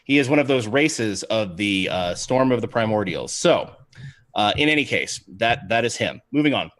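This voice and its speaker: A male game master narrates a livestreamed tabletop game with a very lively voice that swoops up and down. He talks in a chatty, casual way, scattering fillers as he describes the action. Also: lowish voice, moderate pace.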